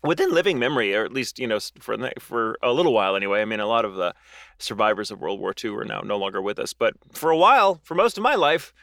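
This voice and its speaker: A man's voice: lowish voice, big pitch swings, fast, gravelly, a bit bright, no echo. Guy cohosting a podcast, chatty and rambling, goes off on tangents, dry close mic. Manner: rambling, enthusiastic, many fillers and digressions. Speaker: podcast co-host. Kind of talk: casual chat.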